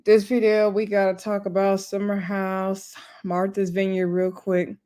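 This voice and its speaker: A tired woman hosting her own channel, recapping a reality show in a casual, chatty way with lots of "y'all" and quick laughs. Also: mid-range voice, completely flat delivery, dark tone. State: tired, up late. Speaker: YouTube host recapping reality TV.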